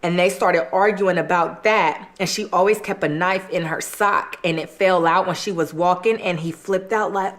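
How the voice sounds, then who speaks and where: A woman's voice: on the low side, steady tone, normal speed, few pauses. A woman hosting a mukbang, casually retelling a true-crime case in a chatty way, full of "like" and acted quotes. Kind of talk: casual true-crime storytelling while eating.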